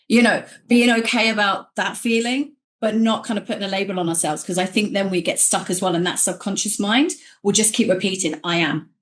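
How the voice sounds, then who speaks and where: A middle-aged woman hosting a podcast, chatting warmly and acting out quoted voices as she tells stories. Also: mid-range voice, brisk, hardly any pauses. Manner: animated storyteller, acts out quoted voices. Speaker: podcast host. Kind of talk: casual conversation.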